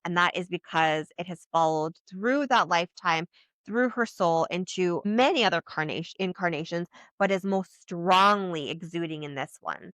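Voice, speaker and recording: Bright-voiced woman giving a spiritual reading. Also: lowish voice, normal speed, dry recording. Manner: flowing, earnest, many likes and trailing restarts. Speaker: psychic channeler. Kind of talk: channeled reading, casual.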